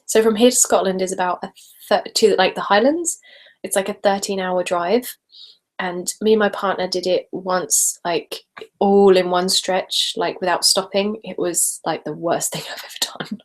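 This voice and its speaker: A young woman hosts a relaxed live stream from home, talking in her normal speaking voice rather than a whisper. She chats easily, giggling now and then as she answers viewers. Her pitch sits in a comfortable middle range. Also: a little slow. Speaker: ASMR YouTuber hosting a live stream. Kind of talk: casual live-stream chat, reading viewer comments.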